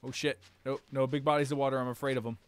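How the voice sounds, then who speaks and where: A young man streaming a game live, swearing and reacting loudly to what happens on screen. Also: mid-range voice, little pitch movement, fast, clean tone.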